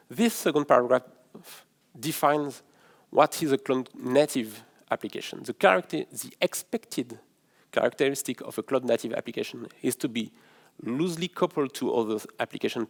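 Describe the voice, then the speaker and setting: French-accented man, middle-aged, mid-pitched, halting conference presenter who often restarts his phrases. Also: vocal fry. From France. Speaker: conference speaker, developer advocate. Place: in-person conference session room.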